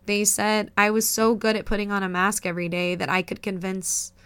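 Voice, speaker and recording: A woman co-hosting a podcast in easy, casual conversation. Her voice is bright and forward, and she talks in a chatty, emotional way, often breaking into laughter. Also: medium pitch, little pitch movement, brisk, clean tone. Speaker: podcast co-host.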